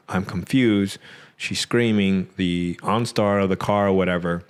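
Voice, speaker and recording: Male podcast guest, low voice, loose rambling storyteller, lots of fillers. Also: steady tone, measured pace, smooth. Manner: rambling, many "like" fillers, acts out quotes. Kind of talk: casual storytelling.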